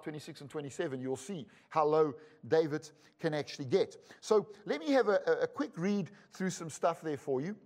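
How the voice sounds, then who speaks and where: A high-pitched man delivers a sermon in a conversational way. He reads long scripture passages and slips in wry asides to his listeners. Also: darkish tone. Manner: conversational preaching with joking asides. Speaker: pastor and Bible school teacher.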